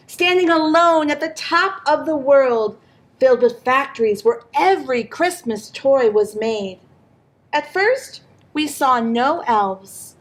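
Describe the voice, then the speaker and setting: A woman reading a picture book aloud in an expressive storytelling manner for a library program. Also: high voice, slow pace.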